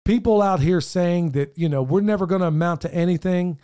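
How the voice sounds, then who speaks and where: A man's voice: high voice, fairly quick, dark tone, clear, resonant tone. A middle-aged man, co-hosting a podcast in earnest, rambling casual chat, his voice wearing thin. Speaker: podcast co-host.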